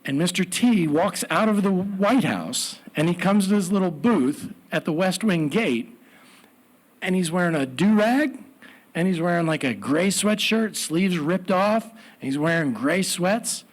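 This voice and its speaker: A man telling a personal story at a live story slam, animated with comic asides. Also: high voice, a little slow.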